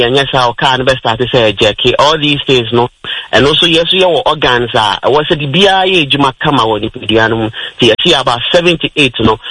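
A man's voice: mid-range voice, sharp tone, dry recording, poor audio. A Ghanaian man presenting a radio health talk, explaining step by step and mixing in English terms. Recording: radio broadcast.

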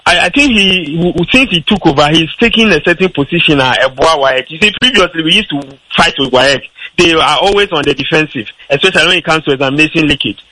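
A man's voice: fairly high pitch, fast talker, sharp tone, no room sound, rough recording. A man, a guest on a radio discussion, arguing his position firmly with frequent restarts and fillers. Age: adult with a school-age child. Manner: argumentative, many restarts and fillers. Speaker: radio talk show guest.

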